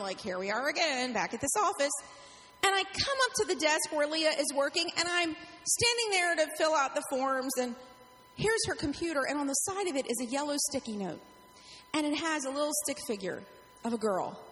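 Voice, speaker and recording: Woman, middle-aged, pastor, sermon, animated storytelling, high-pitched, long hall echo. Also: vocal fry. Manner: animated storytelling, acts out quotes. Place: church sanctuary. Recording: echoey hall, faint hum.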